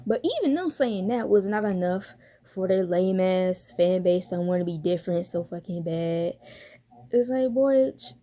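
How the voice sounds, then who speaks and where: A woman's voice: on the low side, expressive, normal speed, dark tone. A young woman giving a casual commentary vlog as a YouTuber, talking bluntly with lots of profanity, slang and laughter.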